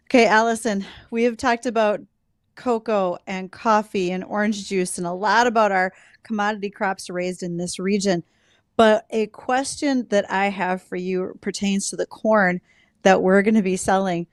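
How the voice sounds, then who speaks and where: A woman's voice: mid-range voice, steady tone, normal speed, dry recording, clean studio sound. Chatty woman farm show host. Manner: chatty, playful, reads sponsor spots. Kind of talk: radio and TV farm show hosting.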